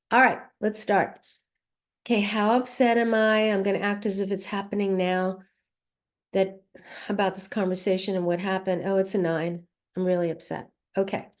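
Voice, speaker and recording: A middle-aged woman leads a tapping lesson in an expressive, hands-on way, voicing the feelings she is working through as she teaches. Her pitch sits in a mid range. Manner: expressive, acts out emotions while teaching. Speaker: tapping coach. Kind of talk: instructional demonstration.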